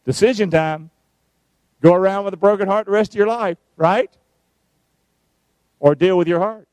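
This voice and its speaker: A male preacher, giving a sermon, calling on the congregation to answer and shouting verses out. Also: high-pitched, moderate pace, clean tone, no echo. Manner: calls for responses, shouts the verses out.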